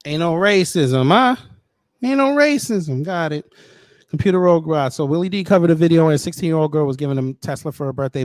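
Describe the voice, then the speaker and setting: A man's voice: a little high, darkish tone, no room sound, studio quality. Blunt, mocking male commentary host. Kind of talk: casual commentary.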